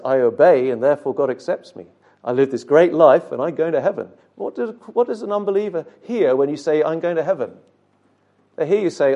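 A man's voice: on the high side, mellow. A man preaching a sermon, speaking earnestly and directly to his listeners with rhetorical questions and occasional repeated words.

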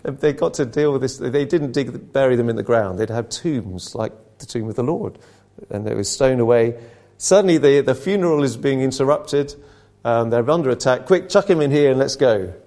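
A man's voice: mid-range voice, moderate pace, dark tone. A male preacher giving a conversational sermon that retells a story and asks earnest rhetorical questions.

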